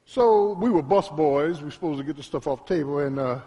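A man preaching a sermon as pastor, trading calls with the congregation and swinging between quiet storytelling and shouted peaks. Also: brisk. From Philadelphia. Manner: preaching with call-and-response, rising to shouts; drops to a low, quiet storytelling voice. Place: church sanctuary. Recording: long hall reverb in a church.

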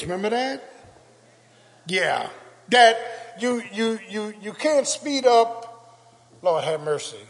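An older male pastor preaching a sermon with call-and-response, building to shouts. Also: extremely high pitch, big pitch swings, takes it slowly, creaky, long pauses. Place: church sanctuary. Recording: long church reverb.

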